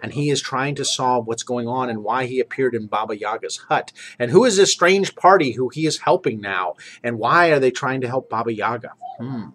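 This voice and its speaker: A man's voice: mid-range voice, normal speed, hardly any pauses, a bit bright. A man game master giving an earnest, rambling recap and introducing characters for his tabletop group. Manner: earnest, rambling, self-correcting.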